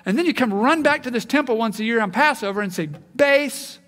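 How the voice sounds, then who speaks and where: A man preaching a sermon in an animated way, acting out the voices he quotes. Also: very high-pitched, fast talker, long reverb tail. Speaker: pastor.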